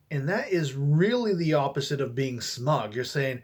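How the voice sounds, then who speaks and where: A man talking through a sales approach in a relaxed, conversational coaching style, with frequent fillers and restarts. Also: mid-range voice, normal speed, few pauses. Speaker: network marketing coach. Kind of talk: casual coaching talk to camera.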